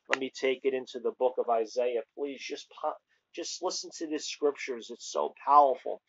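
A man's voice: mid-range voice, normal speed. A man preaching online in a casual way, with joking asides between fervent exclamations and scripture readings. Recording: dull lo-fi recording.

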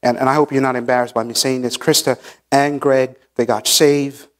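A man preaching a sermon as pastor, teaching emphatically and pausing on key words, recorded in a church sanctuary. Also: medium pitch, flat delivery. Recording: long church hall reverb.

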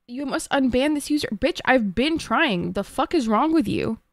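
A woman's voice: sits high, animated, moderate pace, dry recording, clean studio sound. Flustered swearing woman streamer. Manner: flustered, swearing, talks to chat. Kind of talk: casual live-stream chat.

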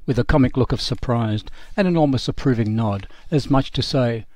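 A man narrating a historical documentary, reading a first-person memoir in a measured, sober way. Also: mid-range voice, a little mellow, no echo.

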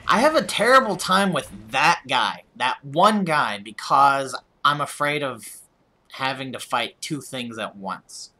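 A man's voice: mid-range voice, lively intonation, unhurried, bright, forceful tone. A man with a rural American accent, chatting casually and self-deprecatingly with his audience as he streams a game, often restarting his words. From United States. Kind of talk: casual chat while gaming.

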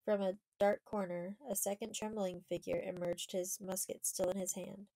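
Woman, audiobook narrator, measured reading, warm mellow voice, dry close sound. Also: medium pitch, flat delivery, dry recording, low-quality recording. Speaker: audiobook reader. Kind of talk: storybook narration.

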